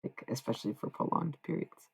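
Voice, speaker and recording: A woman livestreaming in casual chat, talking candidly with frequent profanity and self-mocking humor. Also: brisk.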